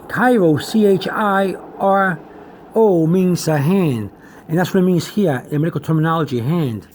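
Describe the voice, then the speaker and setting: A man teaching an informal lesson on medical and chemical terms, pausing, repeating himself and spelling words out letter by letter. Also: high-pitched, a little mellow.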